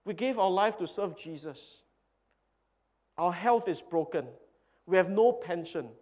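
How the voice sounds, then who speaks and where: A man's voice: high-pitched, a little slow, a little mellow. A man acting out an elderly missionary man who indignantly complains that his service went unrewarded. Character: old male missionary, bitter and upset. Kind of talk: sermon illustration.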